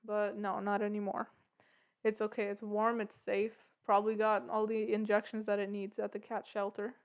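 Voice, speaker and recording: A woman's voice: mid-range voice, monotone, moderate pace, smooth. A woman hosting her own podcast, telling a story in a casual, rambling way full of "like" and "yeah". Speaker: podcast host.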